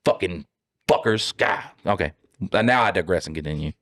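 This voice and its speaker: A man from the United States rants on a podcast with a fairly low voice. He mocks and swears heavily, and drops into silly put-on voices. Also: fairly quick. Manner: loud, mocking, heavy swearing, puts on silly voices. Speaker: podcast co-host. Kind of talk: profane comedic rant.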